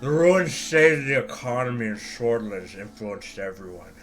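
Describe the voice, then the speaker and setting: A man's voice: medium pitch, animated, normal speed, soft background music, close to an everyday voice. A man voicing a smug, portly older male business tycoon, drawling and patronizing as he talks. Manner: drawling, self-satisfied, patronizing.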